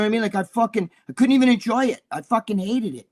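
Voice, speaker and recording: A man's voice: sits high, very fast, few pauses. A man in his sixties, co-hosting a casual chat and telling profane, heated stories. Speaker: co-host.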